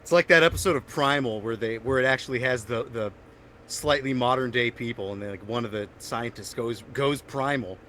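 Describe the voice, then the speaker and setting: Young male podcast host, rambling anecdotes, mid-pitched voice, faint background noise. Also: brisk. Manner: rambling storyteller, animated and loud when excited. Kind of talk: casual chat.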